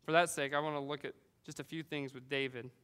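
A man from California preaching a sermon, animated storytelling with frequent "right?" asides. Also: medium pitch, quick pace, smooth, big-room sound. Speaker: pastor.

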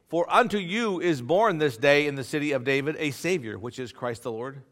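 A man preaching a sermon to a congregation in a church, swinging between loud emphatic lines and quiet asides. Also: on the high side, moderate pace, hardly any pauses. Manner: animated preaching with sudden loud and soft swings. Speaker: pastor.

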